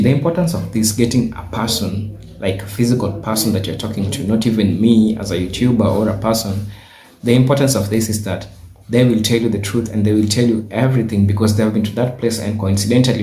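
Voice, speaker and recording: Deep, mellow vlogger in echoey room. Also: male voice, steady tone, fairly quick. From Kenya. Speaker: YouTuber. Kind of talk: advice vlog. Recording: roomy echo, played from a video.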